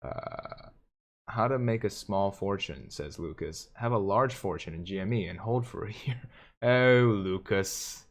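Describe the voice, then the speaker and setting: A man's voice: sits low, lively intonation, moderate pace. A man hosting a live stream, casually reading viewer comments aloud and joking, with frequent chuckles. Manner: jokey, chuckles often between comments. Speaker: livestream host.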